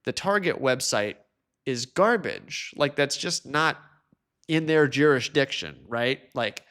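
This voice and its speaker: A man hosting a solo podcast, talking casually and chattily, now and then mimicking others in a high mocking voice. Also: sharp tone. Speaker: podcast host.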